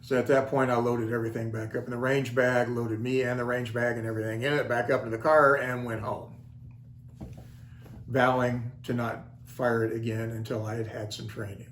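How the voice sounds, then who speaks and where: A man's voice: mid-range voice, level tone, normal speed, fairly bright tone, a little hiss or hum. An older man hosting his own channel, telling a story in a wry, self-deprecating, folksy way. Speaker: channel host. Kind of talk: casual storytelling vlog. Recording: roomy echo, faint ambience.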